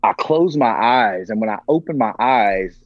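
Speaking a little slowly in a lowish voice with lively intonation, this man shares a personal story as a podcast guest. He is earnest and emotional and performs the quoted voices himself. There's no room sound, and the recording is dull, lo-fi and dry.

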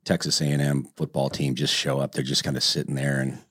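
A man's voice: rumbling low, level tone, a little fast, a bit bright, husky, no room sound, studio quality. A man telling a long joke in casual conversation, rambling a little and acting out the characters. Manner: rambling storytelling with restarts and acted-out voices. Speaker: joke teller in casual group chat. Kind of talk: casual chat, telling jokes.

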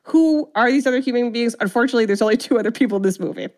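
A woman's voice: fairly high pitch, very fast. Chatty woman recapping a movie. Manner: animated storytelling, acts out characters' lines. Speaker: podcast co-host. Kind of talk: casual movie recap chat.

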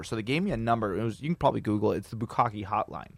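A man's voice: on the low side, lively intonation, very fast, vocal fry, no room sound. A man in his forties telling a long casual story, profane and full of "dude" and "like". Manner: profane, peppers talk with "dude" and "like". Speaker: podcast guest storyteller.

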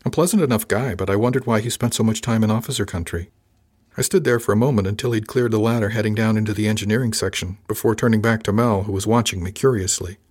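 Low-voiced man narrating an audiobook. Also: fast, a little mellow, husky. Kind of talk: first-person audiobook narration.

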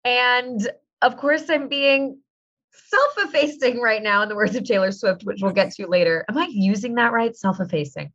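A woman's voice: fairly high pitch, moderate pace, a bit bright. A woman in her thirties hosting a podcast, chatting in a bubbly, playful, self-mocking way. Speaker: podcast host. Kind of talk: casual chat. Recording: slightly dull lo-fi sound.

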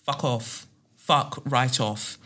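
A woman's voice: a bass voice, takes it slowly, a bit bright. A woman hosting a casual solo podcast, talking bluntly and sarcastically and swearing freely. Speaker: podcast host.

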